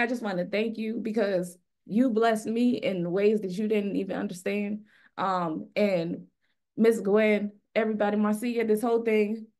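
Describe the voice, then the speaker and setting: A woman on a faith panel, speaking earnestly and building her point through repeated rhetorical questions. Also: on the high side. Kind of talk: faith-based panel talk. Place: event stage.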